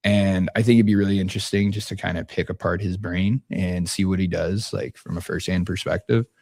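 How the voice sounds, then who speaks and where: A young man with a very low, deep voice talks in a laid-back, easygoing way. His speech rambles and keeps restarting mid-sentence, like casual podcast chat. The sound is dry and close, with no room in it. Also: steady tone, brisk, creaky, a little mellow, no room sound. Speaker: basketball coach guest.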